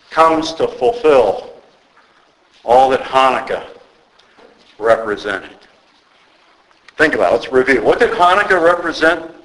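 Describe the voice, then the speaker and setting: A man's voice: mid-range voice, a bit bright, poor audio. Male pastor, earnest and conversational sermon, mid-range voice, stumbles and restarts. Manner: earnest, halting with repeated restarts.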